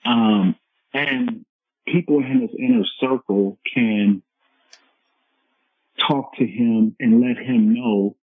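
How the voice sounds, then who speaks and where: A man's voice: medium pitch, takes it slowly, long pauses, husky, dry recording. A man speaking as a coach and podcast guest, explaining in an earnest, repetitive way. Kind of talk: conversational podcast interview. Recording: tinny phone-line audio.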